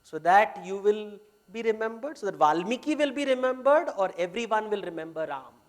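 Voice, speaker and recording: A man's voice: high voice, animated, a little fast. A man with an Indian English accent giving a workshop talk on leadership, telling stories from myth and slipping Hindi phrases into his English. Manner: mixes Hindi phrases into English, retells myths. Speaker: workshop speaker. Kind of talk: storytelling business lecture.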